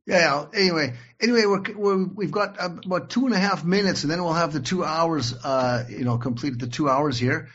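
A man's voice: on the high side, moderate pace, few pauses, fairly bright tone. A man in a casual online conversation, speaking emphatically and defiantly, rambling and repeating words as he searches for them. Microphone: video call. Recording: dull lo-fi call audio.

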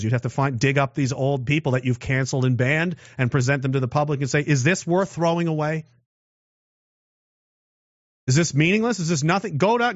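A slightly high male voice belongs to a political commentator who rambles casually, backtracking and asking rhetorical questions. The recording is dull, lo-fi and dry, with no room sound.

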